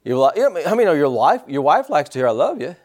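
An older man preaching with a lively voice that swings high and low. He calls out to his congregation, pitched a bit higher than most men. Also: fast talker. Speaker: pastor. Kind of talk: sermon.

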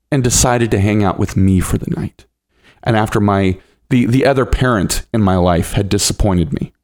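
Animated man telling a story. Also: fairly low pitch. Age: 30s. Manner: animated, acts out the voices of people in his stories. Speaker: podcast host. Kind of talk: personal storytelling monologue.

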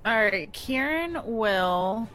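A woman's voice: on the high side, lively intonation, extremely slow, a bit bright. A woman playing in an online tabletop game, talking through her move in a chatty, hesitant way. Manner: chatty, hesitant, thinks aloud. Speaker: player.

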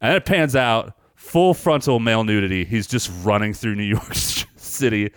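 A man's voice: on the low side, normal speed, fairly bright tone, smooth, no echo, clean studio sound. A man co-hosting a film podcast in casual chat, rambling, swearing freely and animatedly retelling scenes. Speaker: podcast co-host reviewing films.

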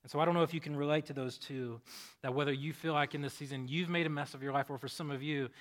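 A man's voice: a little high, fairly even intonation, fast. A man pastor giving a conversational sermon, telling stories animatedly with frequent restarts.

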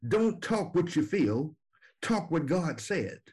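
Slow-talking, emphatic man preaching. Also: on the high side, very animated, darkish tone, breathy edge. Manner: repetitive, emphatic call-and-response preaching. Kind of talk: sermon.

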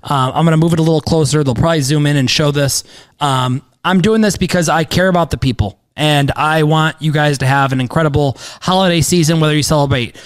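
A man in his thirties hosting a casual podcast, talking in a rambling, excitable way with lots of "um"s and casual swearing. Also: on the high side, quick pace. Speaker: podcast host, sports bettor.

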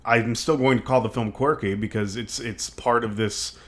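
A man co-hosting a casual film review chat. His voice sits at an ordinary middle pitch, and he hedges as he talks, circling back with fillers and restarts. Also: fairly even intonation, normal speed. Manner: hedging, frequent "like" and restarts. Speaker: film podcast co-host.

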